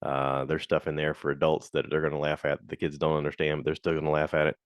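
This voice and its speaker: A man hosts a casual solo podcast, rambling chattily through reviews with plenty of fillers and acting out quotes in high voices. He talks fast in a monotone, recorded with clean studio sound and no room sound.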